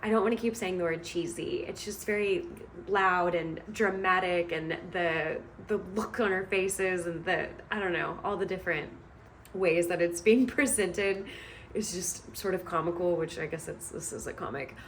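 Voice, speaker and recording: A woman's voice: on the low side, normal speed, slight background noise. A woman book vlogger retelling a story she is reading, in a chatty, amused way with many hedging asides.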